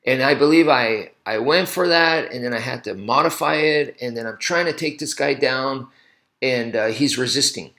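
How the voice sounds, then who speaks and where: A man's voice: medium pitch, normal speed, sharp tone. A man casually telling a story to camera, rambling and correcting himself often with lots of "you know" asides. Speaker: martial arts instructor.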